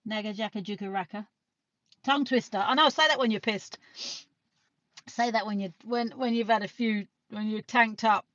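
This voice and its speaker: A woman's voice: a little high, a bit bright, no echo. A British woman from the UK chatting casually on a live stream, rambling and swearing now and then. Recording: dull lo-fi sound.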